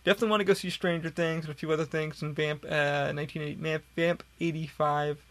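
A man's voice: a little high, fairly even intonation, fast, a bit bright. A man hosting a podcast, rambling casually with a lot of swearing. He sounds tired and yawns as he talks. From upstate New York. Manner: profane, rambling, tired and yawning. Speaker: podcast host. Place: hot room at home.

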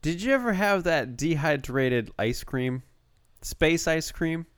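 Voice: mid-range voice, animated, slow pace, clear, resonant tone, dry recording. A podcast co-host chatting casually from a basement, laid-back with dry humor. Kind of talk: casual chat.

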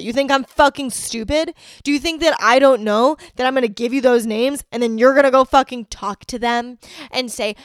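A woman hosting a podcast, telling personal stories in a frank, profane way, moving from quiet reflection to heated outbursts. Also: high-pitched, moderate pace, dry recording, studio quality. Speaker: podcast host. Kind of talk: candid personal storytelling.

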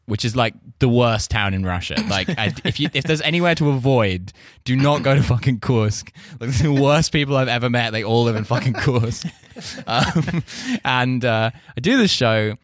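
A man's voice: medium pitch, moderate pace, no echo, studio quality. An English man, a comedian guest, telling stories in casual podcast chat, rambling and swearing freely while acting out quotes.

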